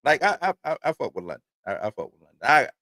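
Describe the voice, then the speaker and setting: A man's voice: a little high, big pitch swings, fast talker, sharp tone, no room sound. A man in his forties hosting a casual livestream, reading entertainment news aloud and then rambling off into his own stories. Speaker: host.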